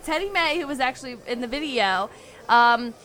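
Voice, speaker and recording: A woman co-hosts a casual podcast, excitable and quick to giggle. Her voice is high and bright, with a lively, bouncing pitch. She swears casually as she chats. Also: poor audio. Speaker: podcast co-host. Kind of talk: casual chat.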